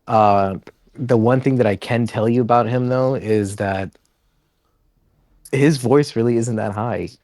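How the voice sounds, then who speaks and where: A man's voice: mid-range voice, a little slow, long pauses, darkish tone, no room sound. A man being interviewed on a podcast, telling loose rambling stories and laughing as he goes. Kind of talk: casual storytelling interview.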